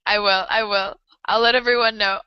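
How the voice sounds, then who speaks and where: A woman's voice: medium pitch, fairly even intonation, fairly quick, smooth, dry recording, lo-fi sound. A woman hosting an interview, introducing her guest and asking questions in an upbeat, chatty way. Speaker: host.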